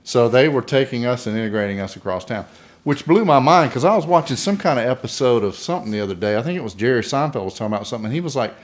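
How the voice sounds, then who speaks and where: A man's voice: medium pitch, lively intonation, very fast. A man in his fifties with a mild Southern accent, co-hosting a casual podcast chat and telling easygoing stories. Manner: easygoing storyteller. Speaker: podcast co-host.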